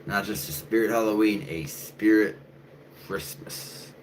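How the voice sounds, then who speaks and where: A man's voice: low-pitched, a little slow, a bit bright. A man rambling in a casual, profane monologue to camera, full of fillers and restarts. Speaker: channel host. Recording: faint background noise.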